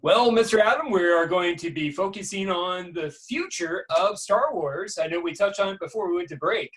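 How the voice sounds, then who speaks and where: Male co-host, somewhat high voice, hems and haws. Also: animated, moderate pace, fairly bright tone. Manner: rambling, hesitant. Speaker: podcast co-host. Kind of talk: casual podcast chat.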